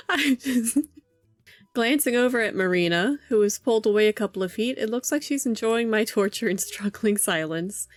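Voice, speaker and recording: A woman's voice: on the high side, animated, moderate pace, no echo, faint music behind. A woman streamer reading a visual novel aloud and commenting, amused and profane, laughing often.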